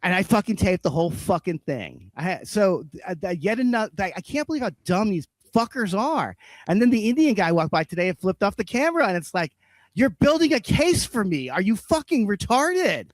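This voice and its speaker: Guy on a podcast going off, swearing nonstop, kinda high voice, dry room. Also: sing-song, a little fast, dry recording. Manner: profane, heated ranting. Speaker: podcast co-host. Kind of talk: casual podcast chat.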